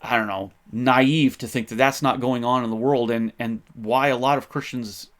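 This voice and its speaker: Fired-up male podcast host, mid-pitched voice, faith-and-history commentary, stumbles and restarts as he talks. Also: fairly even intonation, moderate pace, fairly bright tone. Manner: impassioned, gets fired up; conversational, frequent restarts.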